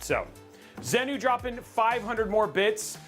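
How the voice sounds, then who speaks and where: A man hosting a casual livestream, rambling and excitable, joking about himself. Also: high voice, slow pace, soft background music. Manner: excitable, rambling, self-mocking. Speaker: livestream host.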